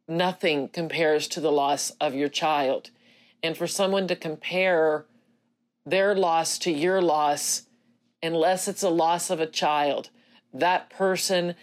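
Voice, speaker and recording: In a personal video message, a middle-aged bereaved mother with a low voice speaks earnestly to other parents who have lost children. She is emotional and near tears, halting often with many pauses and fillers.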